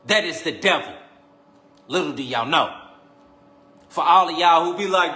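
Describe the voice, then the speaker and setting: Bright-voiced man preaching on a livestream. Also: fairly high pitch, moderate pace, long pauses. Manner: preachy and teasing, repeats phrases, swings from loud to quiet. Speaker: livestream host. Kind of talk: casual preaching monologue on a live stream.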